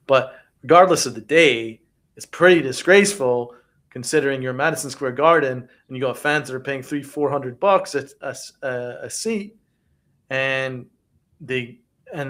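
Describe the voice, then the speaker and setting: Male sports co-host, somewhat high voice, heated emphatic rant. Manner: emphatic, ranting, mocking impressions. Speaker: podcast co-host.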